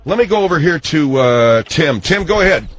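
Radio call-in host who keeps things moving, animated pitch. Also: male voice, moderate pace, dry recording. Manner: mediating, exasperated. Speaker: radio talk show host.

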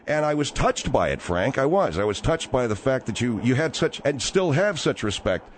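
A man's voice: mid-range voice, very animated, moderate pace, a little hiss or hum. A man hosting a comedy radio talk show, hesitant and soothing, often stammering over his words.

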